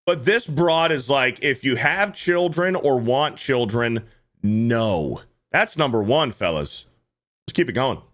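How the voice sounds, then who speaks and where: Lively, bright-voiced male streamer. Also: medium pitch, takes it slowly. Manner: animated, profane, repeats himself. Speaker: livestream host. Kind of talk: casual reaction commentary.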